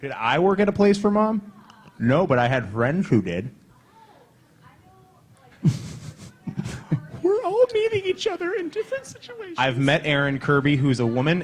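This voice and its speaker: Chatty comedian with a lively voice, man. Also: mid-range voice. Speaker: comedian on a panel. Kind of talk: casual Q&A chat.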